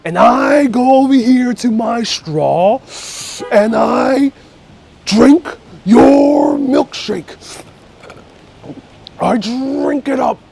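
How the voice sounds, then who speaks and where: A man doing an impression of a ruthless, gloating middle-aged oil baron, drawing out his words slowly and menacingly. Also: extremely high pitch, vocal fry, a little mellow, slightly rough, pitched above the performer's own voice, full character voice. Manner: slow, drawn-out menacing delivery. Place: outdoors on a city street. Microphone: wireless clip-on mic.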